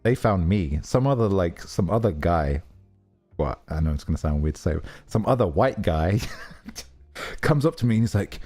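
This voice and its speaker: A man's voice: sits low, lively intonation, normal speed, warm tone, faint music behind. A man streaming casually, telling a rambling story full of fillers and self-corrections. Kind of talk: casual livestream chat.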